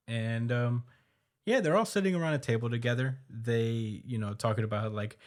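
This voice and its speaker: A man co-hosting a podcast, casually recapping a manga chapter with lots of fillers and quick quoted asides. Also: mid-range voice. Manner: loose, filler-heavy retelling with quick quoted asides and laughs.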